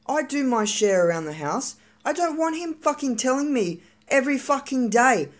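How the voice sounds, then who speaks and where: A woman's voice: a little high, expressive, normal speed, few pauses. A woman in her thirties venting angrily in a sweary, rambling monologue, acting out arguments with her family. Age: 30s. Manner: angry, sweary ranting with quoted arguments.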